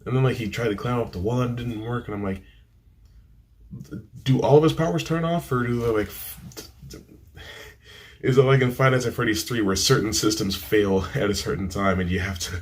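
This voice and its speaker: A man's voice: lowish voice, steady tone, fairly quick. A man reviewing a film in casual chat to a camera, rambling and dismissive, with many fillers and restarts. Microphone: camera mic.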